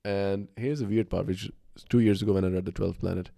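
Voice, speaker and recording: A man with a low, gravelly, dark voice chatting casually on a podcast. He rambles eagerly from one idea to the next, full of fillers and false starts. The sound is dry and close. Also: steady tone, brisk, no echo. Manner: rambling, enthusiastic, with fillers and restarts. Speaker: podcast co-host. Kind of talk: casual conversation.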